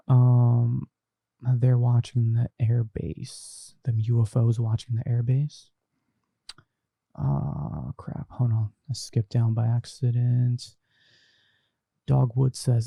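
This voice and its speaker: A man's voice: mid-range voice, little pitch movement, slow, creaky, mellow, husky, dry recording. A young man hosting a casual podcast, reading viewer comments aloud and chatting about them. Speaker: podcast host reading live chat. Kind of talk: casual live-stream chat. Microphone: desk microphone through a mixer.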